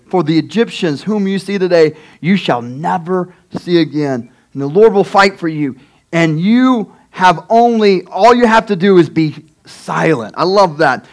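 A pastor reading scripture and preaching a sermon, emphatic and acting out the people in the story. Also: male voice, sits high, expressive, moderate pace. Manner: acts out characters in quotes, emphatic.

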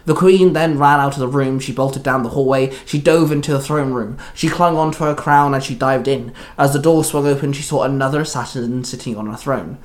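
A man reading his own adventure story aloud, in a plain, steady way with small slips. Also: medium pitch, fairly quick, hardly any pauses.

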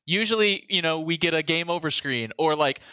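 Bright, dry-voiced man rambling animatedly. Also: fairly high pitch, brisk, clear, resonant tone, no room sound, muffled recording. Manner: rambling, animated storyteller who overthinks aloud. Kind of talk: casual chat.

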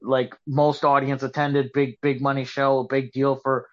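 A man's voice: medium pitch, flat delivery, moderate pace. A man co-hosting a casual wrestling chat, rambling and restarting his sentences, skeptical in tone. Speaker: podcast co-host. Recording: dull lo-fi podcast audio.

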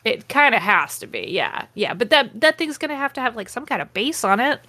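A woman with a fairly high, very animated voice reads a text for comic effect at a brisk clip, her tone sharp and the recording dry. She's a podcast host who keeps interrupting the dramatic reading with sarcastic, profane digs, swearing freely and mocking the material.

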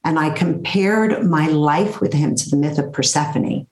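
A middle-aged woman with a slightly low voice tells her story to an interviewer in an animated, blunt way. Her room adds a noticeable echo. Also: normal speed. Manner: animated, blunt storyteller who acts out quotes. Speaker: interview guest, therapist.

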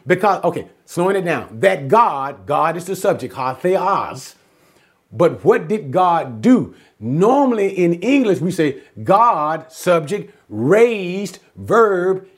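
A man gives a Bible lesson at an unhurried, deliberate pace, breaking Greek phrases down word by word. His voice sits a little high and swings widely in pitch. He keeps asking his listeners questions and then answering them himself. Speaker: Bible teacher. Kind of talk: Bible teaching lecture.

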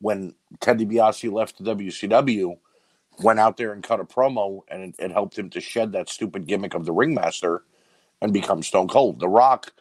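A man's voice: lowish voice, moderate pace, darkish tone, slightly rough, no room sound, rough recording. A man co-hosting a wrestling podcast, arguing his points at length in casual chat. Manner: argumentative, lays out points at length. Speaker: podcast co-host.

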